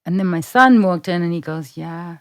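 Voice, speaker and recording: A woman's voice: on the low side, moderate pace, no room sound, studio quality. A woman guest in a podcast interview, telling personal stories in casual chat and acting out what people said. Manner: expressive storyteller, acts out quoted voices.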